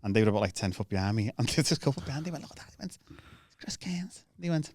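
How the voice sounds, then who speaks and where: A man's voice: fairly low pitch, animated, rapid-fire, darkish tone, slight background noise. A comedian telling brash anecdotes in casual podcast chat, mimicking the people in his stories. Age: adult with a young daughter. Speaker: comedian guest.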